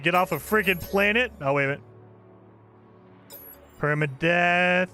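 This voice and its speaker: A man with a fairly high, bright voice talks loosely with his live chat as he plays. His talk is chatty and full of laughter, with faint game music playing under his voice. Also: normal speed, pauses often. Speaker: game streamer. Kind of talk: casual live game commentary.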